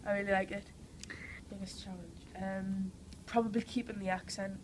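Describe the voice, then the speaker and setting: A woman's voice: medium pitch, little pitch movement, moderate pace, a little hiss or hum, rough recording. A young woman with a Geordie accent, who has a cold, chatting enthusiastically as an actress in an interview, full of "like" and "you know". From Newcastle, England. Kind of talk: casual interview answers.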